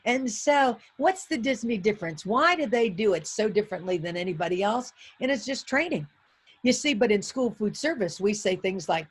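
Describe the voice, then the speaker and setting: A woman's voice: fairly high pitch, lively intonation, normal speed, husky. A middle-aged woman giving a comedic motivational keynote. She tells exuberant stories and hammers her points home with punchy repetition.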